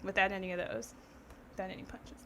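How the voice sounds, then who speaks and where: A woman, co-hosting a podcast and telling a story in casual chat, animated and laughing. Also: medium pitch, fast, noisy background. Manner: animated, laughing, swearing freely. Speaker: podcast co-host.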